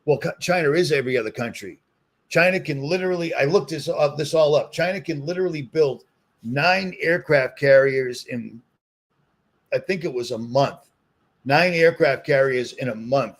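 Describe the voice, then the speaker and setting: A man's voice: fairly high pitch, normal speed. A man with a Boston accent, ranting heatedly in a solo commentary video and repeating his points for emphasis. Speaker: commentary vlogger.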